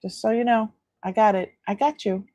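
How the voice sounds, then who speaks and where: A woman's voice: a little high, steady tone, normal speed, warm tone, no room sound. A tired woman hosting a casual live-stream unboxing, chatting and rambling about her items and laughing often. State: tired, yawning. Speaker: host selling antiques in a live sale.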